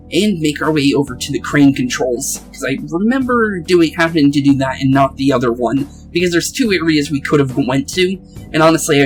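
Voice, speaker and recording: A man's voice: mid-range voice, low-quality recording. A young man giving casual, chatty commentary while playing a game, laughing often as he talks. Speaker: gaming video host.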